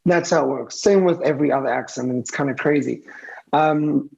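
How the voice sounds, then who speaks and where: Man from south africa, gravelly voice, slightly high pitch, chatty and energetic, dull lo-fi call audio. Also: fairly quick. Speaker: guest, DJ and dancer. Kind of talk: casual interview answers.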